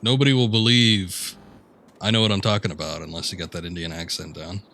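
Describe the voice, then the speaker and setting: A man does casual let's-play commentary while streaming a game, joking and laughing as he plays. His voice sits very low, and he talks into a desk mic. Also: fairly even intonation, a little fast, vocal fry, a bit bright. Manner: laid-back, jokey, laughs often. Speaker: gaming streamer. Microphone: headphones and desk mic.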